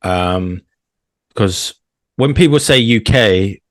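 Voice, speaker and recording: A man's voice: on the low side, lively intonation, takes it slowly, no room sound. A man with a London accent, co-hosting a casual gaming podcast and rambling off on tangents. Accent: London English. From England. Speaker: podcast co-host. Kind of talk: casual chat.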